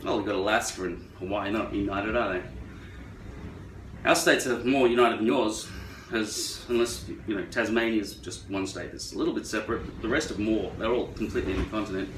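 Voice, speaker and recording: A man's voice: on the low side, brisk, background noise. An Australian man talking in a rambling, profane and sarcastic monologue. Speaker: vlogger. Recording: echoey room, far from mic.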